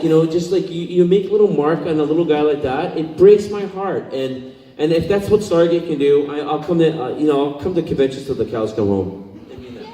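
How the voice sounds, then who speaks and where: A man telling stories as a convention panel guest, lively and laughing often as he acts out what people said. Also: a little high, slight background noise. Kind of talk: anecdotal storytelling on stage. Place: large convention hall. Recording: echoey hall, mic far off.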